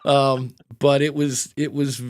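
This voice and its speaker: A man's voice: mid-range voice, little pitch movement, slow, darkish tone. Middle-aged man rambling through anecdotes. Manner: rambling anecdotal storytelling with many restarts. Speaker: podcast host. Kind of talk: casual chat.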